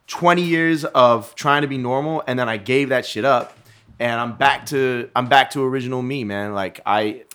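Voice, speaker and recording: A man's voice: medium pitch, a bit bright. A forty-year-old man chats as a podcast guest in a laid-back, easygoing way. He swears freely and leans on "you know" as he talks, in a voice that sits in a middle range. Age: 40s. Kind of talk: casual chat.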